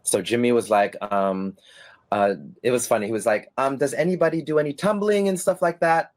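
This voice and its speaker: A middle-aged man, a former stage performer, telling stories in a casual interview, animated and laughing, acting out the voices of people he quotes. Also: mid-range voice, fairly quick.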